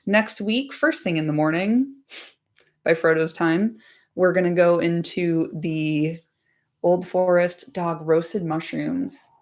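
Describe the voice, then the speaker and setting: Woman host, casual stream chat, slightly low, giggly, filler-heavy. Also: slow pace. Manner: chatty, laughs often, says "like" constantly, swears casually. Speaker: podcast host.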